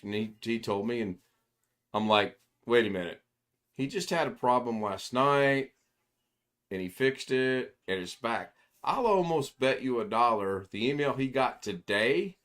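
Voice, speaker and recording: An older man hosting a casual livestream. He rambles through anecdotes at an ordinary middle pitch, acting out the people in his stories and chuckling as he goes. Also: lively intonation, normal speed, a bit bright. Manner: rambling storyteller who acts out quoted voices, chuckling often. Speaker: livestream host. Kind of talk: casual chat.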